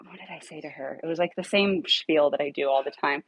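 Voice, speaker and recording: A woman casually telling a dog rescue story, animated, swearing now and then and acting out her own lines. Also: quick pace, hardly any pauses, no room sound, muffled recording. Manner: animated, acts out her own dialogue in a higher voice; swears casually when irritated.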